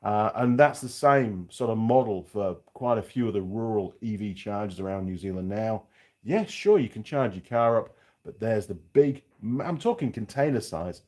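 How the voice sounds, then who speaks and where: A man's voice: fairly low pitch, darkish tone. A middle-aged man from Yorkshire with a faded Yorkshire accent, a mechanic chatting casually and frankly to viewers on a livestream, with rambling asides. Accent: faded Yorkshire English. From Yorkshire, England. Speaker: mechanic and channel host.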